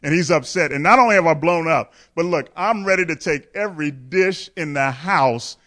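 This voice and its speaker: A man with a notably high voice preaches through a personal story. He tells it candidly and with humor, often chuckling and turning to speak directly to his listeners. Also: normal speed, fairly bright tone. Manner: addresses the congregation directly. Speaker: pastor. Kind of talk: storytelling sermon.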